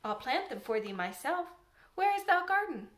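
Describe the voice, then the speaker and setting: A woman's voice: very high voice, big pitch swings, a bit bright, pitched above the performer's own voice, exaggerated voice. A woman doing a cheery country boy. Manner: quick, easy, good-humoured.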